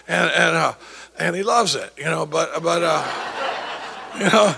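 A man's voice: fairly high pitch, measured pace, vocal fry, noisy background. A man speaking as a recovery sponsor, telling rambling stories with quoted dialogue and many false starts. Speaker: recovery sponsor sharing at a meeting. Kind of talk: rambling anecdotal talk.

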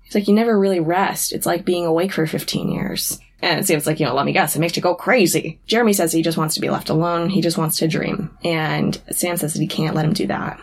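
A woman's voice: sits low, steady tone, brisk, hardly any pauses. A woman retelling scenes of a TV show in casual chat, quoting characters with "he's like". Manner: narrates with many "he's like" quotes. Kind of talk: casual chat recapping a TV episode.

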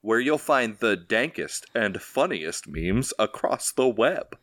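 A man doing a slow, flat impression of a tech billionaire, announcing a segment. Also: on the low side, no echo, heavily acted. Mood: mock-announcing.

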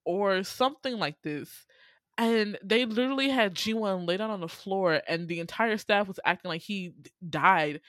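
Woman podcaster, mid-pitch, casual and cussing a lot, dry close audio. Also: moderate pace, fairly bright tone, no echo. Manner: loose, profane storytelling with frequent slang. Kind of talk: casual chat.

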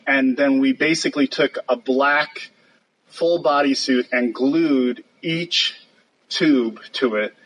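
An older man with a husky, slightly breathy voice tells behind-the-scenes workshop stories over a slide show. He talks loosely and warmly, slipping into quick impressions of colleagues and chuckling between points. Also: fairly high pitch, low-quality recording. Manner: lively storyteller who mimics others and laughs often. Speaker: guest puppet sculptor. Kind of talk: anecdotal talk over slides.

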